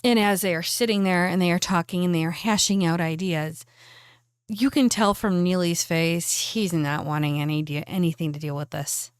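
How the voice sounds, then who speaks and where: A woman's voice: fairly low pitch, fairly even intonation, moderate pace, clear, resonant tone, no echo, studio quality. Casual woman game master. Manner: casual and chatty, with fillers. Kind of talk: narrating a tabletop game.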